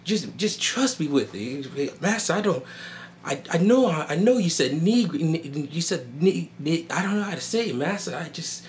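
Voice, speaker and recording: A man's voice: a little high, expressive, moderate pace, slight background noise, voice pushed up, natural voice. Man putting on a stammering, fawning male servant. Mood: fawning, nervous. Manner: stammering, pleading, eager to please.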